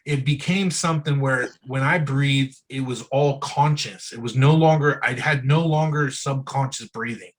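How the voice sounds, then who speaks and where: A man with a slightly husky, mid-pitched voice speaks as an interview guest. His talk is loose and candid, full of casual asides like bro and dude. It sounds like an easygoing one-on-one chat. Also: moderate pace, few pauses, rough recording. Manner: loose and frank, often says "bro" and "dude".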